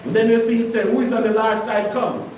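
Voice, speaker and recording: Preaching fast in a flat delivery, this man's voice sits high but has a darkish tone. He addresses his congregation in their hall emphatically and conversationally, frequently questioning them, in an echoey room with a far-off mic and slight background noise.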